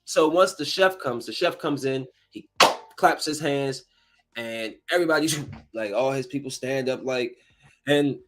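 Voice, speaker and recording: A man of middling pitch chats through a movie plot as a podcast host, rambling and animated. He slips into quick impressions of the characters as he goes. Soft music plays faintly behind him. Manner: rambling, animated storytelling with acted-out quotes. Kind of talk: casual movie recap.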